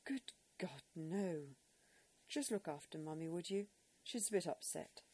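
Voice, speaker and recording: A woman's voice: fairly low pitch, lively intonation, measured pace, a little mellow, slightly rough. Woman reader as a moody young woman, curt and sulky.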